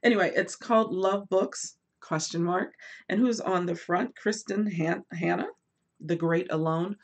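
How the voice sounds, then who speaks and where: A woman hosting a casual book livestream, chatting animatedly and reading viewer comments aloud, swinging between lively bursts and quiet asides. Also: lowish voice, unhurried. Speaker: booktube host.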